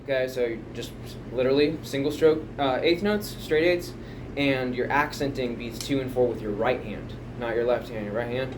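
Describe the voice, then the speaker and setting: A man's voice: medium pitch, fairly even intonation, normal speed, loud music behind the voice. A man casually explaining a drum pattern, rambling and chatty, counting beats aloud at home. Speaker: drum teacher. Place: home music room. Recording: home room, mic picking up loud drum kit from a distance.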